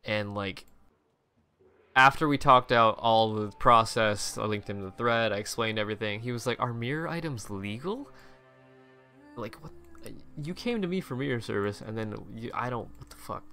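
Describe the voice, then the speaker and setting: A man's voice: fairly low pitch, moderate pace, pushed and bright. A young man casually commenting on game screenshots, rambling with many restarts and frequent swearing. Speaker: gaming video creator.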